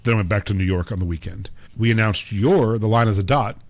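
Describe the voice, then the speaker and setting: A man's voice: on the low side, quick pace, no echo. A man co-hosting a podcast, telling long casual stories with lots of fillers and acted-out quotes. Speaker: podcast co-host. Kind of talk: casual storytelling chat.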